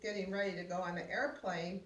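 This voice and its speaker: An older woman telling a lively personal story, laughing often and acting out what people said. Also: mid-range voice, brisk. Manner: laughing, exclaiming, acts out voices. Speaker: guest sharing a personal story. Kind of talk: animated storytelling. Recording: roomy sound, mic at a distance.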